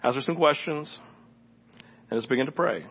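A male pastor giving a sermon as a conversational, animated story, with asides to the congregation. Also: medium pitch, moderate pace, breathy edge. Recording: dull lo-fi sermon recording.

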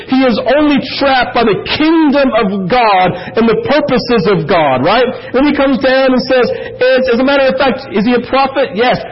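A man preaching a sermon, telling the story in an animated way and acting out the quotes. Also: very high-pitched. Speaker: pastor. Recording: dull lo-fi sound.

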